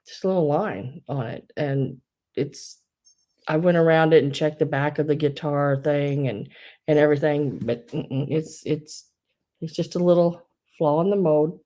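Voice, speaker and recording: A woman's voice: deep voice, a little slow, warm tone. Chatty woman running a live online sale. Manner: chatty, gushing, reads out bids. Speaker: live online auction seller. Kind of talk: live-stream sale chat.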